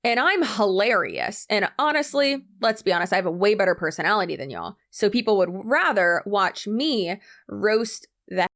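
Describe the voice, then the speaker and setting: A woman's voice: mid-range voice, very animated, normal speed, few pauses, fairly bright tone. A woman hosting a reaction commentary channel, sarcastic and exasperated as she picks apart clips.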